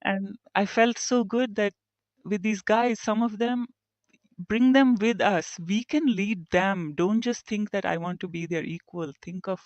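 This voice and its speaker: A woman's voice: medium pitch, unhurried, darkish tone, no echo. A woman engineer speaks as a podcast guest, reflective and candid. She brings her stories to life by acting out what others said to her. The recording is dry and a touch muffled. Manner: reflective, tells stories and acts out quoted remarks. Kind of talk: conversational interview.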